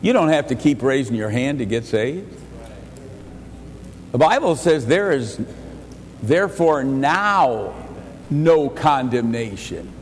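A male pastor preaching a sermon in a church, emphatic, rising to raised exhortation and dropping to quiet earnest asides, often repeating words as he restarts. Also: mid-range voice, big pitch swings, slow, long pauses. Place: church sanctuary. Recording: long church reverb, faint ambient noise.

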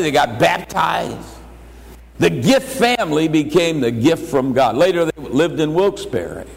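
An older man preaching an anniversary sermon, emphatic, slowing and rising for key lines. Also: fairly high pitch, gravelly, long reverb tail, poor audio. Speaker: pastor.

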